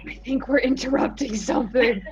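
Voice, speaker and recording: A woman's voice: sits high, a little fast, soft background music. A woman player in a tabletop horror game, nervous and hesitant, heard over a video call. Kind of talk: casual tabletop play. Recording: dull video-call audio.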